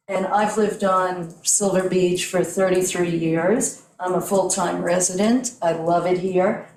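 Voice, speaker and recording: A woman's voice: lowish voice, darkish tone. A middle-aged woman giving earnest, digressive public comment in support of a neighbor at a town meeting. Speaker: neighbor speaking at a public hearing. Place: town meeting room at a podium. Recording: distant mic in an echoey room.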